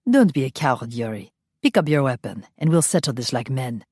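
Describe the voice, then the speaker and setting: Woman voicing a cool, stern French vampire fighter, low. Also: expressive, fairly quick, a little mellow, breathy edge, no echo, studio quality, full character voice.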